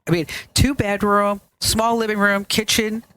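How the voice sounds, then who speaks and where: A woman's voice: medium pitch, flat delivery, measured pace, a bit bright. A woman hosting a podcast in casual chat, chatty and laughing often, recorded in a studio. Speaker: podcast host. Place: studio with chairs.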